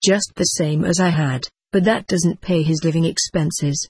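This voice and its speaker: A blunt, generous middle-aged doctor who speaks his mind plainly, as the reader puts him on. The voice is husky and sits at a middle pitch, recorded close and dry. This is storybook reading, the figure barely set apart from the narrator. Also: steady tone, a little slow, no room sound. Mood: firm. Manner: forthright, plain-spoken.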